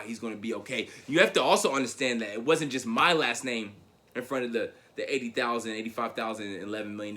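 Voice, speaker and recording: Brief: man, 30s, keynote speaker, bright forceful tone, emphatic storytelling. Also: mid-range voice. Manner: emphatic storytelling with repeated words and rising emphasis. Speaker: motivational speaker. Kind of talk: motivational keynote speech.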